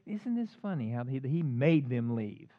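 A man preaching a sermon, swinging between loud emphatic lines and quiet asides. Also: medium pitch, sing-song, moderate pace, phone-quality sound. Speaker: pastor.

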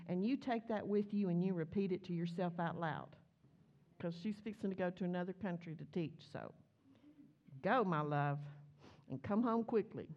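A woman's voice: mid-range voice, highs cut off. A woman preaching a sermon, telling a story and acting out the voices in it. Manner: animated, acts out voices in her stories.

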